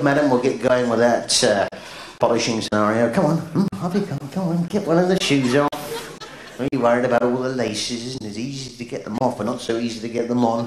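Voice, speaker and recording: An English man doing live stand-up comedy, reeling off absurd non sequiturs in a bouncy, sing-song way, with a quizzical "hmm?" between jokes and sudden high shouts. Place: large theatre stage. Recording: roomy theatre sound from an old video tape, with noise. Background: audience laughter.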